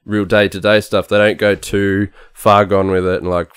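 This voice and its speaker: A man's voice: lowish voice, flat delivery, normal speed, fairly bright tone, clear, resonant tone, dry recording, studio quality. A man co-hosting a podcast, chatting casually about a film with enthusiasm and frequent restarts. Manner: enthusiastic, repeats words and restarts. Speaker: podcast co-host. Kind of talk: casual film review chat.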